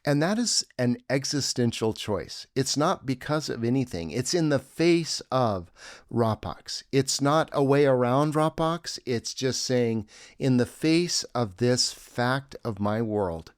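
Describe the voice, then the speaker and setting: A man's voice: medium pitch, lively intonation, slow pace, no room sound, studio quality. A man giving a reflective teaching talk with a breathing exercise, earnest and musing, with audible exhaled sighs. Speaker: self-help teacher.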